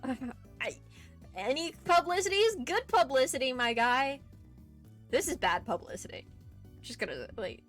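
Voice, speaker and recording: Young female streamer, casual gaming chat, animated swings in pitch, faint music underneath. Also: normal speed. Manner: chatty, laughing asides, swearing.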